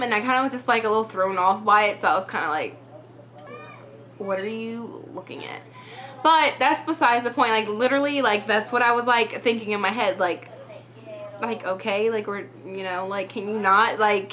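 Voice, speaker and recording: Chatty young woman with a bright voice. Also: on the high side. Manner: chatty, full of "like" fillers. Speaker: vlogger. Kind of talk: storytime vlog.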